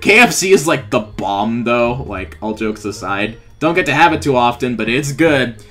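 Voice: medium pitch, animated, normal speed, sharp tone. A gamer giving playful commentary while trolling in an online game, often laughing and acting mock-clueless. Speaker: YouTuber playing a Roblox trolling skit. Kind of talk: gameplay commentary with in-character trolling. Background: faint background music.

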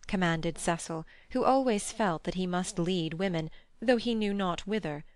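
Low-voiced woman narrating an audiobook. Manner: measured, even reading. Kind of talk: scripted narration.

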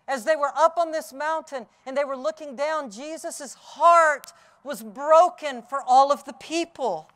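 A middle-aged man preaching an Easter sermon outdoors, telling the story vividly and dropping from loud cries to hushed tones. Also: extremely high pitch, a little slow. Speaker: pastor. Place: outdoors on a hilltop.

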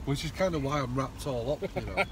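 A man's voice: medium pitch, fairly quick, background noise. A man with a Yorkshire accent joking as co-host of a casual car vlog, recorded inside a car. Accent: Yorkshire English. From Yorkshire, England. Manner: playful, joking, loud outbursts. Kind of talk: casual banter.

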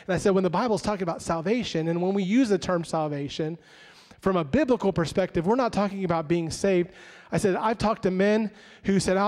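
A male pastor with a high voice delivers a sermon in a church sanctuary. His words ring out with a long hall reverb, and he slips into the voices of the people he quotes, building in intensity as he goes. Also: a little mellow. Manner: preaching with rising intensity, acting out quoted voices.

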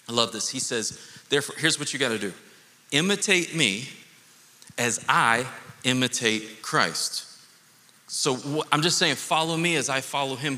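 A man pastor giving a conversational, animated sermon with playful asides. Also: mid-range voice, big-room sound.

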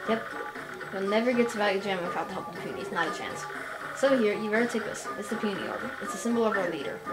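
A woman's voice: mid-range voice, close to an everyday voice. A woman reading the lines of a cranky, bossy old tribal elder who scolds and forgets things, over game music in a roomy space.

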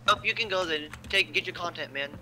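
A man's voice: sits high, quick pace, bright, forceful tone. A young man chatting with teammates during a game, speaking in a hesitant, mild way. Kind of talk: casual gaming chat.

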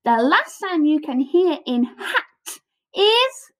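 A woman primary teacher leads a phonics lesson for small children, recorded to camera. Her voice sits high and she talks slowly, breaking words into sounds and praising every try. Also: very animated, fairly bright tone, poor audio. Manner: slow, encouraging, sounds out letters with lots of praise.

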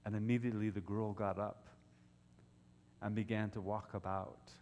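A man preaching an Easter sermon as a pastor, telling the story dramatically and often dropping to hushed tones. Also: lowish voice, little pitch movement, normal speed, a little hiss or hum. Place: church sanctuary. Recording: long reverb of a church hall.

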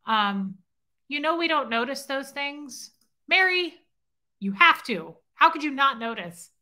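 A woman's voice: high-pitched, lively intonation, unhurried, pushed and bright. A woman hosting a casual livestream, chatting with viewers and reading their comments aloud, self-deprecating and teasing. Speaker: livestream host. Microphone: phone.

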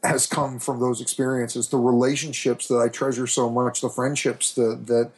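A man's voice: medium pitch, little pitch movement, normal speed, darkish tone. A middle-aged man, a podcast guest, telling his own story in an earnest, reflective way with frequent restarts. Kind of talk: candid storytelling interview.

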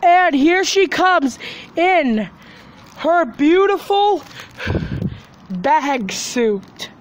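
High-voiced woman narrating toy play, goofy, slow. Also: lively intonation, slight background noise. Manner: playful, casual, goofy.

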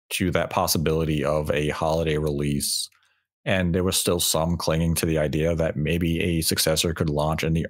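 A man hosts a casual podcast discussion in a low, husky voice. He explains his reasoning at length and lays out his points analytically. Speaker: podcast host.

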